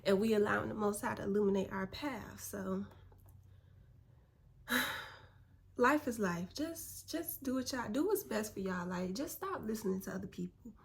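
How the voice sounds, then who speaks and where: A young woman in a relaxed, slangy motivational chat, calling her viewers "baby". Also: medium pitch, moderate pace, vocal fry, long pauses, a little hiss or hum. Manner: laid-back, slangy, spiritual encouragement, calls viewers "baby". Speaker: vlogger.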